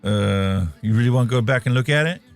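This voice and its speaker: A man's voice: medium pitch, fairly quick, smooth, faint music behind. Man rambling casually on a podcast. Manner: jokey, rambling, many fillers. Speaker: podcast co-host. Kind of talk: casual talk show chat.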